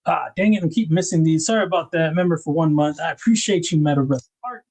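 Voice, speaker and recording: A man's voice: on the high side, fast talker, a little mellow. A man hosting a casual livestream, rambling about knife design and greeting viewers in the chat by name.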